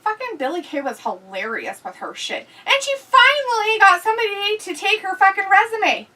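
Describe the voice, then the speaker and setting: High, bright-voiced woman ranting at a distance. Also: big pitch swings, moderate pace. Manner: blunt, crude, laughs often. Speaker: live stream host reading chat. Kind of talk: casual, profane watch-along chat.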